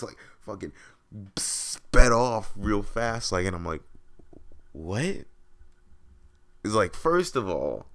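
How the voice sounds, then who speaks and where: A man's voice: deep voice, vocal fry, a bit bright. A young man from upstate New York hosting a podcast, telling a story in a rambling, profane way, full of fillers and restarts. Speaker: podcast host. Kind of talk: casual storytelling monologue.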